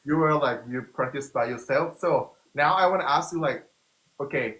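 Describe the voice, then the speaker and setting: Fast-talking man hosting. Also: medium pitch, bright, forceful tone, roomy sound. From Thailand. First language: Thai. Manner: very fast, switches between English and Thai. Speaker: host. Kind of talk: casual interview chat.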